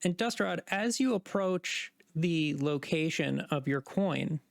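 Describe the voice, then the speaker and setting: Woman running a tabletop game, slow, lots of ums, dry sound. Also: fairly low pitch, animated, gravelly, dry recording. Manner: hesitant, full of fillers. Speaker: game master.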